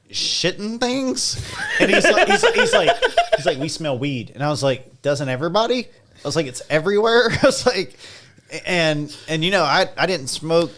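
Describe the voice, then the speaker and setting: A man hosting a casual podcast chat, telling a story in an animated way with lots of laughing and filler words. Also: a little high. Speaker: podcast host and stunt rider.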